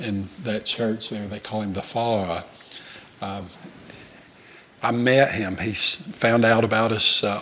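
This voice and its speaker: A man's voice: fairly low pitch, sharp tone, slight background noise. A man from Alabama with a Southern accent, a missionary telling a church about his work in a folksy, conversational way with frequent fillers. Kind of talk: church presentation with Q&A.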